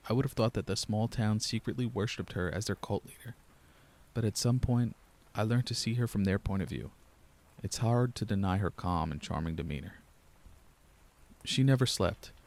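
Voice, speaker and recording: Gravelly low-voiced man narrating horror. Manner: low-key, steady first-person storytelling.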